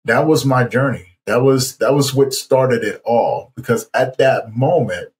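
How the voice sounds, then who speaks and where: A man's voice: mid-range voice, a little slow. A man in his forties, a podcast guest, earnestly telling his own story in conversation, stressing points by repeating himself.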